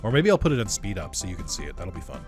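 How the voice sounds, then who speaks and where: A man's voice: low-pitched, sing-song, racing, loud music behind the voice. A man giving casual gaming commentary, rambling and laid-back with lots of fillers and some swearing. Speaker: let's play commentator.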